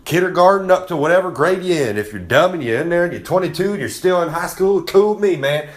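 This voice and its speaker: A man's voice: fairly high pitch, lively intonation, fast talker. A man delivering a rowdy, folksy wrestling-promo monologue as a recurring segment host. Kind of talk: brash promo-style monologue.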